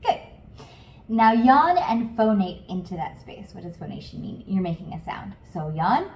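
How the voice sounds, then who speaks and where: A woman singing teacher coaching beginners step by step in a calm, encouraging way. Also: mid-range voice, moderate pace, echoey room, muffled recording, slight background noise. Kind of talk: guided vocal lesson.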